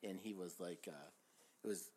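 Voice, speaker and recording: An older man, a former paramedic, telling stories in an animated way on a casual podcast chat, often laughing. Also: deep voice, moderate pace, a little hiss or hum. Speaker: retired paramedic, podcast host.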